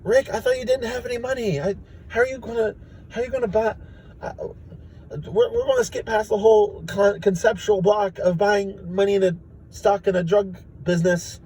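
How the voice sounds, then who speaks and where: Morty: a man doing a high whiny teenage boy. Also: fairly even intonation, moderate pace, a little mellow, a little hiss or hum, close to an everyday voice. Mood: worried. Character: frantic teenage boy sidekick, anxious.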